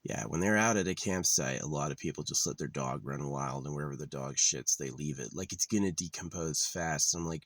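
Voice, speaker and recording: A man's voice: a bass voice, brisk, few pauses, a bit bright, no echo. A man talking in a casual, rambling monologue, blunt and profane with a wry edge. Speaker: vlogger. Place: living out of his car.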